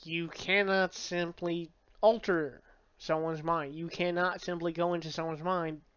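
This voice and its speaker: A stiff, rule-bound male telepath, quoted by a book reviewer, lecturing in a formal tone. The voice is smooth and clear. It is recorded close and dry with a slightly dull sound. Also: mid-range voice, level tone, measured pace, fairly bright tone, dry recording, close to an everyday voice. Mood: stern.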